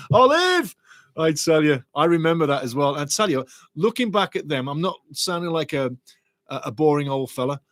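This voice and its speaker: A middle-aged man hosting a live football watch-along, calling the action excitedly and reading viewer comments aloud. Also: on the high side, dry recording.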